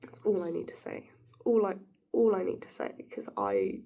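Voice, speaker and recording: A woman with a husky, breathy edge to her voice, wandering through a loose spoken monologue. Her tone sits mellow and warm, with gravelly fry creeping into the ends of her phrases. She muses aloud and giggles easily as she goes. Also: fairly low pitch, big pitch swings, normal speed. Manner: meandering, giggly, philosophizing. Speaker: vlogger. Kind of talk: rambling casual monologue.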